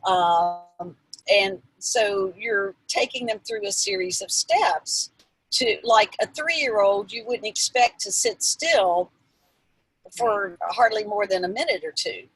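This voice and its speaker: Woman expert guest, earnest teacherly delivery, husky mid-pitched voice. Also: expressive, slow pace, no echo, rough recording. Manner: earnest and instructive, with restarts and fillers. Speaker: emotional intelligence expert guest. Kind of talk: explanatory interview answers.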